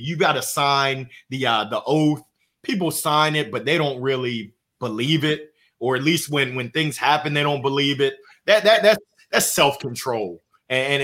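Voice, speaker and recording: A man guest, a motivational speaker and coach, telling stories in casual podcast talk, laughing often and jumping up in pitch for emphasis. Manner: animated storyteller who laughs often and jumps in pitch for emphasis.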